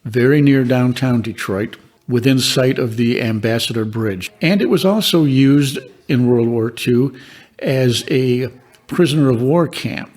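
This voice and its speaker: An older man tells his ghost stories in a calm, measured way. He takes his time and lets dramatic pauses hang between the beats. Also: medium pitch, no room sound. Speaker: paranormal investigator and reverend. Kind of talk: storytelling.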